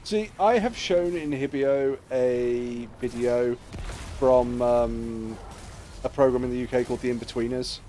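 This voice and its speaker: A middle-aged English man chatting casually on a livestream, an animated storyteller who swears freely and slips into other people's voices. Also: medium pitch, unhurried, slight background noise. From England. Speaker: streamer.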